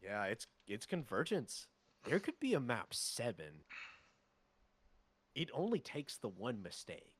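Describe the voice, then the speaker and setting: Lively male esports co-caster. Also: medium pitch, a little slow, pauses often, husky, no room sound. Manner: analytical, stammers on restarts. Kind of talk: esports analysis commentary.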